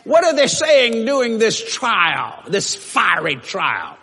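A man preaching a lively church sermon, joking and breaking into shouted bursts, with a husky voice. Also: high-pitched, slow pace. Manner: animated, shouting in bursts, joking, acting out quotes. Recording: long reverb of a church hall.

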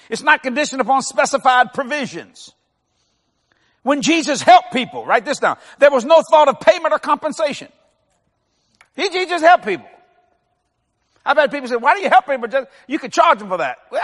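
High, lively preacher. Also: male voice, in a large hall. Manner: folksy storytelling, teasing the congregation. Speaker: pastor. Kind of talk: sermon.

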